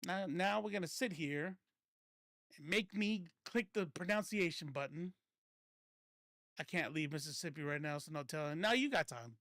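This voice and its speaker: A man with a fairly high voice hosts a casual political livestream, talking loosely and cursing as he goes. He often stops to correct himself and breaks into laughter. The sound is dry and close, with no room around it. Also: normal speed, a bit bright, dry recording. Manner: rambling, self-correcting, laughs often, swears freely. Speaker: political commentary streamer.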